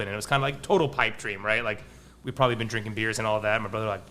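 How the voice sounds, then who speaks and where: A man's voice: on the low side, fairly even intonation, racing, sharp tone, slight background noise. A man who owns a pizza restaurant, talking casually as a podcast guest in a rambling way, full of restarts and fillers. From Palo Alto, California. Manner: rambling, frequent likes and restarts.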